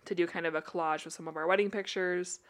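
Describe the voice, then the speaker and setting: Young woman co-host, somewhat low voice, bubbly storyteller who laughs easily. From Utah. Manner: animated storyteller, laughs often, quick bursts of rising pitch. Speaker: podcast co-host. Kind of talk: casual chat.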